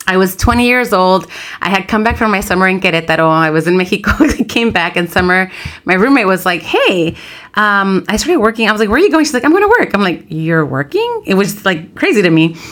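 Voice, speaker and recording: A woman in her thirties, a podcast co-host, chatting casually and telling a lively story, acting out the voices of people she quotes. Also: medium pitch. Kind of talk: casual chat.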